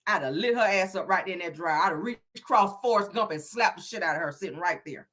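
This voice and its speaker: A woman's voice: on the low side, fast. A woman giving a casual, profane and sassy recap of a reality show, acting out the cast's lines as she goes. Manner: animated, sassy, profane, laughs often; acts out the cast's lines in quotes.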